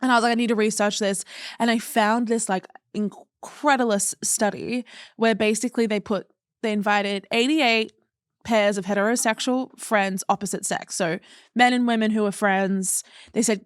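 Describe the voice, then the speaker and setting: Australian woman podcast guest, young, lively explainer, mid pitch, dry close sound. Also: normal speed, smooth, no room sound. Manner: lively storyteller, explains studies in detail. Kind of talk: casual chat.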